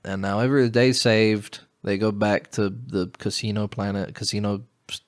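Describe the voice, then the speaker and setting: A man's voice: lowish voice, level tone, moderate pace. A man co-hosting a podcast, reviewing a film in casual chat with dry sarcasm and mocking impressions. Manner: sarcastic, acts out characters in mocking voices. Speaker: podcast co-host.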